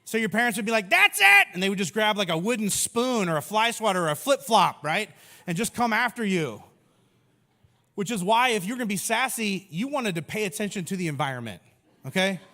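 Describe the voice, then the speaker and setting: A man in his thirties delivers a sermon from the stage, breaking into playful impressions to make his point. His voice sits high, and a long reverb trails behind every phrase, as if it carries through a large hall. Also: animated, brisk, a bit bright. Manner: humorous, acts out voices of people and Jesus. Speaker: pastor.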